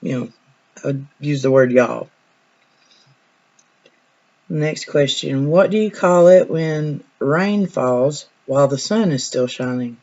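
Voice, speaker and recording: A woman's voice: low voice, takes it slowly, long pauses, darkish tone, lo-fi sound. A woman, a nurse chatting casually in a vlog, telling stories in a folksy way that trails off now and then.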